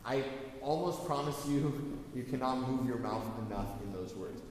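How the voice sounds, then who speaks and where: A man's voice: mid-range voice, normal speed, darkish tone. Guy running choir rehearsal, fixes himself a lot, big echoey hall. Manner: gives notes with frequent self-corrections. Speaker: choir conductor. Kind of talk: rehearsal instruction. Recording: very echoey hall, faint noise.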